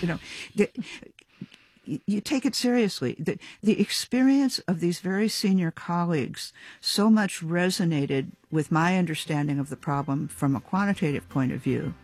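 Woman guest on a radio show, husky, dry studio sound, lots of ums and restarts. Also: sits low, moderate pace, darkish tone, dry recording. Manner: thoughtful, with many fillers and restarts. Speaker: guest geneticist. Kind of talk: radio interview answer.

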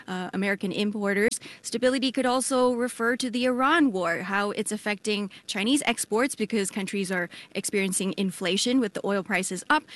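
A woman reporting as a foreign correspondent over a remote line, explaining in a measured way with frequent hesitations. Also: medium pitch, fairly bright tone. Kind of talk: radio news interview. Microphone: remote line with delay.

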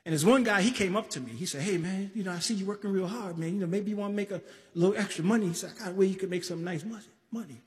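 A man from the Bronx telling a story on a live stage, animated, acting out voices and shouting at times. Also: high voice, rapid-fire. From the Bronx, New York. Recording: live stage recording in a reverberant hall.

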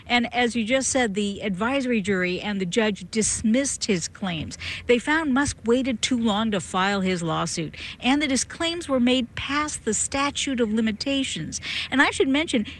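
A woman reporting for radio news from a courthouse, explaining the case in a crisp, measured way. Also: a little high.

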